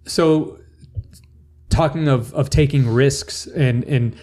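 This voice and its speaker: A man's voice: mid-range voice, takes it slowly, darkish tone. A man hosting a podcast in a casual round-table chat, rambling and often restarting his sentences. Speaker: podcast host.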